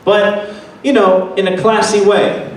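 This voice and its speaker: A man's voice: high voice, flat delivery, measured pace, a little hiss or hum. A man hosting a live improv comedy game, playful and directing the players while laughing often. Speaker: improv host. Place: convention hall. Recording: echoey hall, distant mic, audience.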